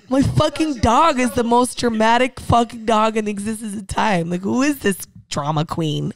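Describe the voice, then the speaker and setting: A woman's voice: a little high, fairly quick, few pauses, no room sound. A woman hosting a podcast in casual chat, telling stories with lots of swearing and acting out the voices in them. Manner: lively storytelling, acts out voices of dogs and people; swears freely. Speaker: podcast host.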